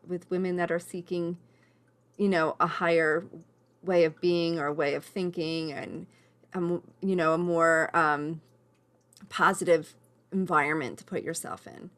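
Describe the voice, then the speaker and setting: A woman's voice: lowish voice, a little slow, fairly bright tone. Woman coach, earnest and emotional, leading an online class on a video call; encouraging, personal. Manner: emotional, earnest, encouraging, addresses people by name. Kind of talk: live online workshop.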